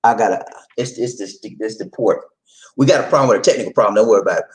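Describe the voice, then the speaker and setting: A woman hosting a casual chat, telling a story in an animated way with laughter. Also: very deep voice, racing, rough recording. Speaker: host.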